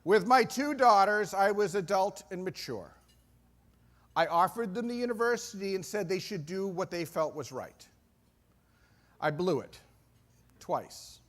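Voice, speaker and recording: High-voiced excitable keynote man. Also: unhurried, long pauses. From Maine, USA. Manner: excitable, self-deprecating storyteller. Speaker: keynote speaker. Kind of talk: energetic keynote speech. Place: large conference hall.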